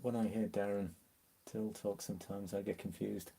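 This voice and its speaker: A chatty Englishman from Liverpool hosts a live stream in a husky, fairly low voice with vocal fry, speaking at a normal pace. His accent is mixed English with a mild Liverpool tint. Relaxed and casual, he reads out viewer comments and laughs easily.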